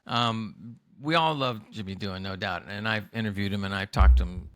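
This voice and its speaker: A man's voice: on the low side, moderate pace, a bit bright, no echo, studio quality. A man co-hosting a casual review chat over a video call, easygoing, with stammering restarts. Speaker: co-host of a TV review show.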